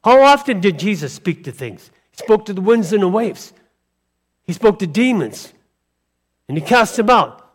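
A man's voice: sits high, big pitch swings, normal speed, breathy edge. A male pastor preaching a sermon emphatically, with rhetorical questions and call-and-response to the congregation.

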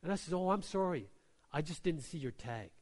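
Guy pastor preaching, kinda higher voice, casual back-and-forth, slows way down and goes soft on the key lines. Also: expressive. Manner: conversational preaching with many tag questions; drops soft and slow on key lines, lifts for stories. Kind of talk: sermon.

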